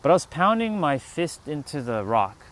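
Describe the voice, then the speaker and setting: A man's voice: fairly high pitch, very animated, moderate pace, a bit bright. A man hosting a livestream outdoors, talking casually and with swearing about the mind and inner resistance, and reading the chat as he goes. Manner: casual, profane, storytelling. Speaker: livestream host. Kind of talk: spiritual talk to a live chat. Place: outdoors, sitting on a rock.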